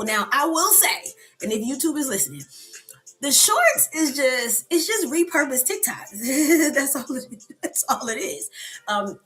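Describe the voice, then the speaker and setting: A woman hosts a relaxed live coffee chat and talks straight to her viewers. She rambles in a loose, friendly way and answers their comments as they come in. Soft music plays faintly behind her. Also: fairly high pitch, poor audio.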